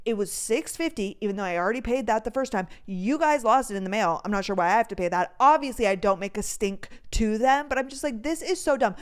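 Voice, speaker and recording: Young woman podcast host with a smooth, mid-pitched voice. She tells stories animatedly, swears freely and acts out the dialogue. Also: lively intonation, fast talker, hardly any pauses. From North Dakota, USA. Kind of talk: casual solo podcast chat.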